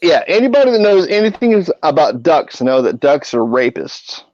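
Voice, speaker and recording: A man's voice: on the high side, big pitch swings, normal speed, a little mellow, no room sound. A middle-aged man hosting a podcast, telling rambling, profane anecdotes in a casual way. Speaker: podcast host. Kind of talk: casual storytelling. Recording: dull lo-fi audio.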